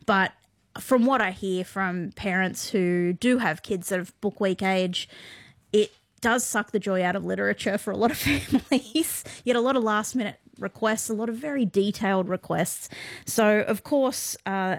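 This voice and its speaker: A woman co-hosting a casual radio chat, playful and quick to laugh. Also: mid-range voice, no room sound. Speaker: radio co-host.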